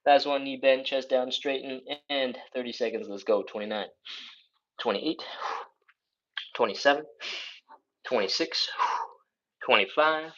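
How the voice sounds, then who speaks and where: Guy leading a stretch class live, counts out loud quick, kinda jokey, mid pitch, muffled lo-fi sound. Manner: energetic cueing and counting aloud; jokey, talks fast. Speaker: stretching instructor. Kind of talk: live follow-along workout coaching.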